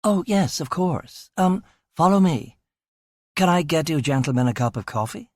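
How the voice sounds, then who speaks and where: A man's voice: fairly high pitch, animated, normal speed, darkish tone, dry recording, pitched above the performer's own voice. A man voicing a flustered young woman receptionist who stammers and hesitates.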